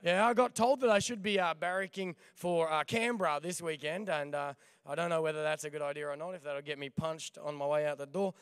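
Young Australian male guest preacher, hoarse but energetic, fairly high clear voice. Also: a little fast, no room sound, studio quality. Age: young adult. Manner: energetic, jokey, calls out to the crowd. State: hoarse, voice nearly lost. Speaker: guest pastor. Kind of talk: church sermon.

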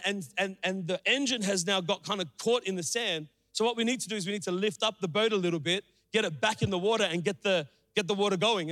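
A young man preaching a sermon, telling a story with animated, acted-out quotes. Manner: animated, acts out quotes with big pitch jumps. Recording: long hall reverb.

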